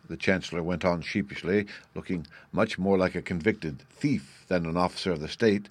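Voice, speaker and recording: A man narrating a storybook in a measured, even reading. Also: low voice, dry recording.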